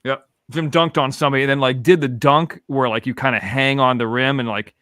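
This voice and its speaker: A man's voice: mid-range voice, fairly even intonation, a little fast, bright, forceful tone, no echo, studio quality. A man in his forties from Florida, a podcast host telling rambling, profane stories in casual chat. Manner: rambling, profane, laid-back.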